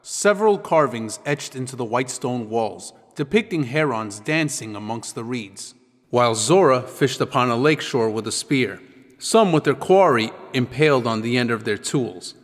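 A man reading an audiobook in a measured, descriptive storytelling manner. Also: medium pitch, animated. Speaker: audiobook narrator. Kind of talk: scripted audiobook narration. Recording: long reverb with background music.

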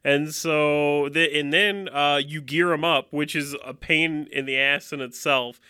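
A man with a bright, crisp voice, recorded dry and close. He jokes casually as a podcast co-host and acts out little scenes. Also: on the high side, steady tone, unhurried, no room sound. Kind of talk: casual chat about a video game.

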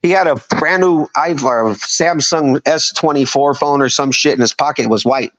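On a podcast, a guest in his fifties tells a casual story, rambling, swearing, and speaking emphatically. His fairly high, fairly bright voice moves at a normal speed, and the recording has a dull lo-fi sound.

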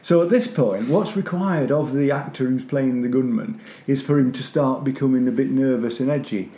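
A man's voice: medium pitch, normal speed, dark tone, echoey room, dull audio. A man, making wry, critical remarks while chatting casually about a TV episode. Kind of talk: casual chat reviewing a TV episode.

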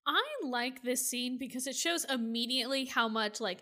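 Bright, high-voiced woman podcast co-host. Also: fairly even intonation, moderate pace. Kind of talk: casual episode discussion.

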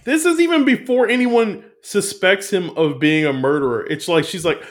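A man chatting casually about a film, animated and profane, rambling with restarts as he talks. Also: sits high, normal speed. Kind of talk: casual movie review chat.

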